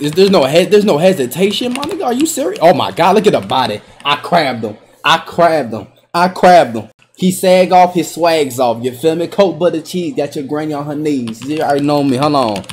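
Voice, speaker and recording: A young man giving excitable, trash-talking commentary while playing a basketball video game, swinging between low mutters and sudden yelps. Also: normal speed, a little hiss or hum. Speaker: gaming YouTuber. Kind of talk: live gameplay commentary.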